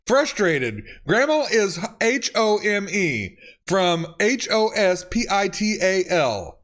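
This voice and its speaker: A man's voice: high voice, sing-song, slow, fairly bright tone. A man reading funny text messages aloud and reacting, laughing often and swearing. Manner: laughs often, reads lines with swearing and exclamations. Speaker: YouTuber reading autocorrect fails.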